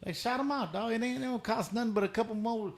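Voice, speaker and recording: A man hosting a podcast in loud, slangy casual chat, swearing often. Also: extremely high pitch, fast talker, crowd noise. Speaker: podcast host.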